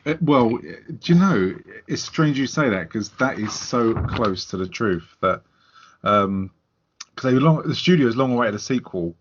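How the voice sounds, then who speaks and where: A man's voice: mid-range voice, expressive, unhurried, dull audio. A man co-hosting a casual film review podcast, teasing the others sarcastically and sharing trivia. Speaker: podcast co-host.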